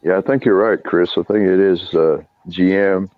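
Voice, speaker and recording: A man's voice: sits low, fairly even intonation, moderate pace, no room sound. A man with a congested, stuffy voice from allergies, chatting easygoing in short replies. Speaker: chat participant. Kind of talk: casual voice chat. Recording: tinny phone-like line.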